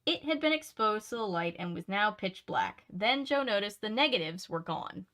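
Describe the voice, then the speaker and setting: A woman with a middle-pitched voice reads a mystery novel aloud in a plain, steady narration. She breaks off often for chatty commentary, correcting herself as she goes. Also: moderate pace. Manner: chatty asides, laughs and self-corrections. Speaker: reader and channel host.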